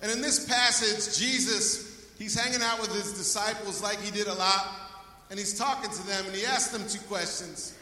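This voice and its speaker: A man's voice: high-pitched, moderate pace, sharp tone. A male pastor preaching a sermon in a church, speaking with energy and calling out to the congregation for praise. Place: church sanctuary. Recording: echoey hall, voice from far off.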